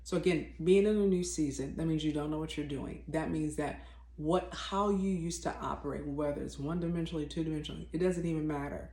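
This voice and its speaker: A woman's voice: low voice, fairly even intonation, quick pace, dark tone. A woman teaching about faith on her vlog, talking off the cuff in an emphatic, blunt way, often repeating herself and restarting her sentences. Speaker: faith vlogger. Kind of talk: spontaneous spiritual teaching. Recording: roomy echo.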